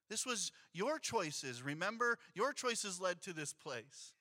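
This thirty-something pastor gives his sermon at a measured pace inside a church sanctuary, his voice very bright, ringing, and high for a man. His storytelling is animated, and he takes on the voices of anyone he quotes.

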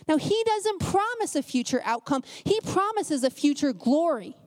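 A woman preacher giving a conversational sermon, telling stories in an animated way with a pace that speeds up and slows down. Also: high-pitched. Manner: animated storytelling, shifting pace.

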